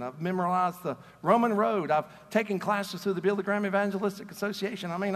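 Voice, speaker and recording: A man's voice: high voice, a bit bright. A man preaching a conversational sermon as pastor, earnest and storytelling, often repeating words as he starts a sentence. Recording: long reverb of a large hall.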